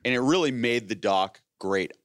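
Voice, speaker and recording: Man, late thirties, podcast host, storytelling, laughs a lot, mid-pitched voice, dry studio sound. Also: moderate pace, a bit bright, no echo. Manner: rambling, laughing, acts out quoted voices. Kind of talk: casual storytelling chat.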